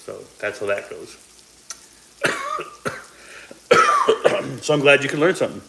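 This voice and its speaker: A man's voice: mid-range voice, lively intonation, measured pace, creaky, background noise. A man in his forties chatting casually to viewers while he cooks, rambling through asides, with a slight cough from a sore throat. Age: 40s. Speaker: cooking vlogger. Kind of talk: casual cooking chat to viewers. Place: home kitchen, cooking at the stove. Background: faint sizzle of frying food.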